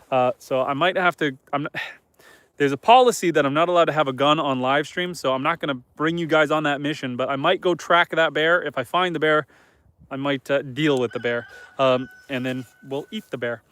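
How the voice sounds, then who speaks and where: Walking his homestead with a phone camera, a Northern Canadian man live-streams a casual, rambling chat among the animals, relaxed and reading viewer comments aloud. His voice sits slightly high for a man and goes a little fast. The audio is close and dry, with no open-air reverb.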